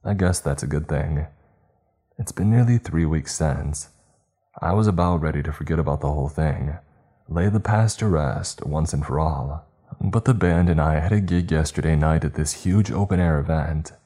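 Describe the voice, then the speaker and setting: A man narrating a first-person horror story in a measured, tense manner. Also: very deep voice, mellow, husky. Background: faint music.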